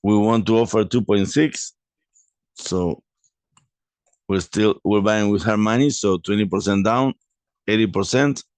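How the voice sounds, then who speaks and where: A man walking through a property investment deal in a halting way, correcting himself often. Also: fairly low pitch, a little mellow, dry recording. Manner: halting, many restarts and self-corrections. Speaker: real estate investor presenting a deal.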